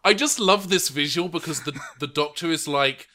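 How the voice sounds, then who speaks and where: A man's voice: on the high side, normal speed, pushed and bright. A man running a tabletop role-playing game, enthusiastic and full of fillers as he narrates and calls for rolls. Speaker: game master.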